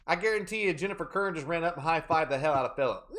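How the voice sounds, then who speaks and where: A man's voice: fairly high pitch, rapid-fire, hardly any pauses, fairly bright tone, a little hiss or hum. A man streaming a game live, joking around and chatting with his viewers in a playful, teasing way. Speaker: livestreaming gamer. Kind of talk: casual live-stream chat.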